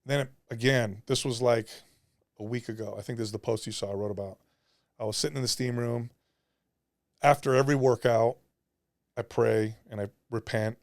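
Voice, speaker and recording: A man's voice: fairly low pitch, fairly even intonation, moderate pace, no echo, studio quality. A man guest on a podcast, talking earnestly and confessionally about prayer, often acting out what he said to God. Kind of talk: candid faith conversation.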